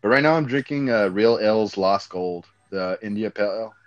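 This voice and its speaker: A man's voice: fairly low pitch, fairly quick, dull audio. Young man from Texas, Mexican-American accent, loose rambling podcast chatter, casual swearing. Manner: rambling, laid-back, swears freely, says dude a lot. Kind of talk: casual chat.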